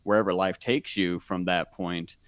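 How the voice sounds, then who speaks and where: Smooth low-voiced man rambling casually. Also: fairly even intonation, normal speed, no echo. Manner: rambling, heavy use of "like" and "um". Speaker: podcast co-host. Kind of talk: casual podcast chat.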